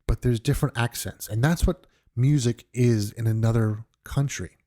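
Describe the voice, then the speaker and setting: A man's voice: medium pitch, normal speed, warm tone. A man from New York hosting a podcast, talking earnestly and reflectively in an unscripted monologue, often restarting his sentences. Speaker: podcast host.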